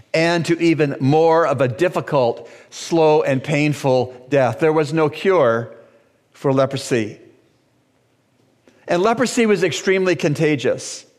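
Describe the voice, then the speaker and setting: A Bahamian pastor preaching a sermon, slow and deliberate, with dramatic pauses and sudden raised cries. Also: male voice, a little high. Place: church sanctuary. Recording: long church reverb.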